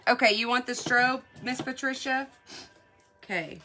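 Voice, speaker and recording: A woman's voice: a little high, a little slow, sharp tone, faint music behind. A woman selling beauty products in a live makeup demo, chatty and gushing, answering viewer comments as she goes.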